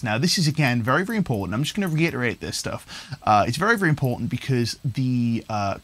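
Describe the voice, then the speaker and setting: A man giving a chatty, enthusiastic livestream guitar lesson, thinking aloud with fillers. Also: mid-range voice. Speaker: guitar teacher. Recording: guitar playing in background.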